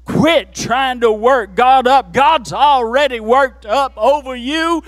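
High-voiced preacher swinging soft to shouting. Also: male voice, takes it slowly, no echo. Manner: swings from low murmurs to shouted peaks, playful asides. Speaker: pastor. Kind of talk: sermon. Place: church.

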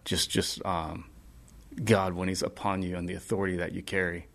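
Man, low voice, earnest, rambling, podcast guest. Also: level tone, normal speed, creaky. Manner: earnest, rambling with many fillers. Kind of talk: casual testimony chat.

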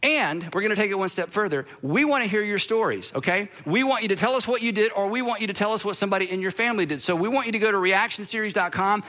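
Middle-aged male pastor, high and bright, chatty self-deprecating sermon delivery. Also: expressive, quick pace, few pauses. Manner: conversational, self-deprecating storytelling.

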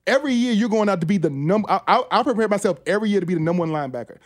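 A man who played linebacker, a guest on sports talk radio, talking in halting bursts with many restarts and fillers. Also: sits high, animated, no echo, clean studio sound. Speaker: former NFL linebacker, guest.

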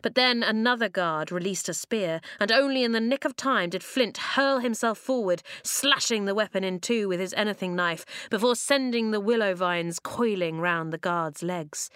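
A woman reading a children's fantasy book aloud as narrator, expressive and measured. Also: medium pitch, clear, resonant tone, dry recording, clean studio sound.

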